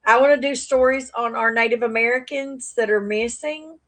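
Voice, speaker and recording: A woman's voice: a little high, fairly even intonation, normal speed, a bit bright. A woman chatting animatedly on a casual live stream, rambling with lots of fillers, into a plugged-in external mic. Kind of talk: casual livestream chat to viewers. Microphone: plugged-in external mic on phone stream.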